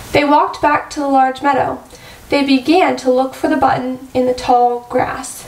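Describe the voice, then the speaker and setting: Slow, high-voiced teacher reading a picture book. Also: female voice, fairly even intonation. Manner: slow, clear storytelling for children. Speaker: first grade teacher. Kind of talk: picture-book read-aloud. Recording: echoey room, far-off mic.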